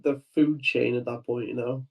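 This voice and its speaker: A man's voice: medium pitch, fairly even intonation, moderate pace, vocal fry, dull audio. Hesitant young man on a distant call. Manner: hesitant, lots of ums. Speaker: stranger on video chat. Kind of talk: casual chat.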